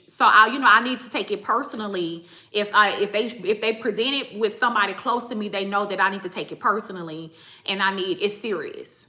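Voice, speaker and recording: A woman with a medium-pitched, pushed and bright voice hosts a spiritual channel. She tells a personal story in a chatty, emphatic manner, addressing her viewers directly. The room has noticeable echo.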